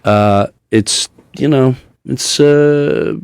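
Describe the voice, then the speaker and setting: A man with a New York accent tells a candid story as a talk show guest, earnest and blunt, with plenty of swearing. His voice sits in a middle pitch, and he slips into other voices when he quotes people. The sound is close and dry, with no room echo. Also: extremely slow, vocal fry, a little mellow, smooth. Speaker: guest comedian.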